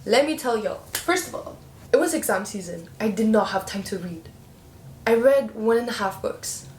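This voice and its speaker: Young female book vlogger, slightly high voice, chatty and animated, roomy echo, faint hiss. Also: normal speed. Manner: chatty, expressive, playful slang. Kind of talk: casual book review chat.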